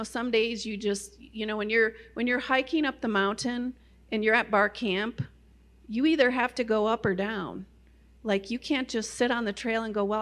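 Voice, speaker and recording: A woman's voice: fairly high pitch, a bit bright. A middle-aged woman giving a personal testimony talk to a Christian audience, telling her story in a loose, conversational way with many "you know" fillers. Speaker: guest speaker at a Christian ministry.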